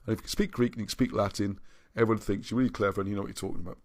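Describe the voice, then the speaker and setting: A man's voice: on the low side, fairly even intonation, very fast, no room sound. A man hosting a livestream and reading out viewer comments, rambling and often restarting his sentences. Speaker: livestream host.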